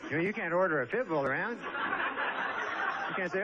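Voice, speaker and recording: Young male stand-up, high voice, deadpan rambling delivery, noisy live room with laughter. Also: fairly quick, muffled recording. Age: young adult. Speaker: stand-up comedian. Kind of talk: stand-up comedy set. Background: audience laughter.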